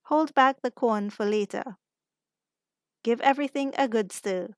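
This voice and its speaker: A woman narrates her recipe as a cooking vlog host. Her voice sits a little high, and she talks through each step calmly and plainly. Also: unhurried, smooth, no echo, clean studio sound. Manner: calm, step-by-step instructive.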